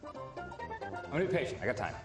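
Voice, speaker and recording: Man gamer, anxious mutterer, swings wide in pitch, echoey room, loud music under. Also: wildly swooping pitch, very fast. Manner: nervous, muttering, profane. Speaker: player attempting a game level. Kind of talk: casual gameplay chatter.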